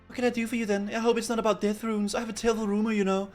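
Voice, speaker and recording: A man voicing a fussy older woman who looks after cats, reading game dialogue in a high put-on voice. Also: flat delivery, very fast, darkish tone, faint music behind, natural voice. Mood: chatty.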